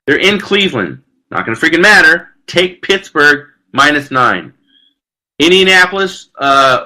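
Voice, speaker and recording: A man's voice: high-pitched, sharp tone, low-quality recording. A man hosting a live sports betting show, talking brashly and loosely while reading out viewer comments. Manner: brash, loose and chatty, with frequent "freaking" and crude jokes. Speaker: sports talk show host.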